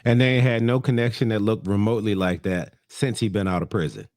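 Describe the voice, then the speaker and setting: A man's voice: on the low side, fairly quick, a little mellow, dry recording, clean studio sound. A man co-hosting a podcast, talking bluntly and casually with slang and swearing. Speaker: podcast co-host. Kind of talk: casual chat.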